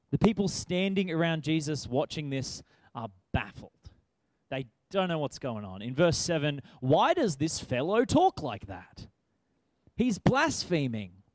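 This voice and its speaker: A man's voice: a little high, a little mellow, dry recording. A man preaching a sermon in a conversational way, asking rhetorical questions.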